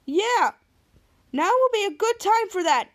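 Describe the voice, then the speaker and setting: A woman repeating the lines of a teenage boy hero facing a fight. He sounds nervous and cracks jokes, in a high, bright-sounding voice. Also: sing-song, measured pace, full character voice.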